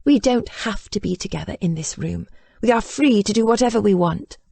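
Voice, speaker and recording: A woman's voice: very high voice, huge pitch swings, takes it slowly, no room sound, pitched above the performer's own voice, exaggerated voice. A woman doing a prickly, defiant young bride.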